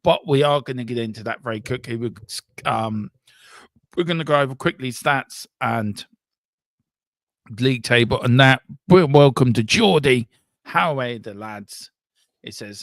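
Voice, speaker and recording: A man's voice: mid-range voice, unhurried, no room sound, studio quality. A man hosting a casual football fan talk show, frank and emotional, rambling between reader comments.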